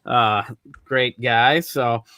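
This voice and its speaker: A man's voice: medium pitch, very slow, pushed and bright, smooth, no echo. A man hosting a comedy podcast, chatting loosely and laughing as he workshops jokes with comics. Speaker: podcast host. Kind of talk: casual comedy workshop chat.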